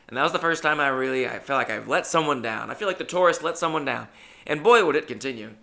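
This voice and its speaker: A stand-up comedian telling stories in a casual, rambling way and swearing freely. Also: male voice, mid-range voice, animated, fairly quick, creaky, sharp tone. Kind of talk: casual storytelling monologue.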